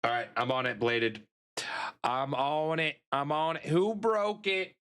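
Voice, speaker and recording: A man's voice: mid-range voice, unhurried, fairly bright tone, clear, resonant tone. A man streaming live, chatting casually with his chat and cooing playfully over pet pictures in baby talk.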